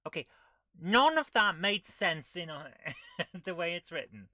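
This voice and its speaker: Wry bright-voiced woman playing a retro game. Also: fairly low pitch, very animated, a little slow, no echo. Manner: wry, reads game text aloud with dry asides. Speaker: host of a retro gaming channel. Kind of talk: live gameplay commentary.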